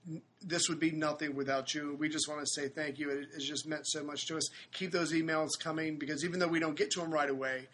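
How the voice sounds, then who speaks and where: Casual podcast host, man, agreeable and warm-hearted sign-off manner, bright tone. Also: fairly high pitch, steady tone, slight background noise. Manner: upbeat, agreeable, quick backchannel replies. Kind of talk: casual chat. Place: hotel room.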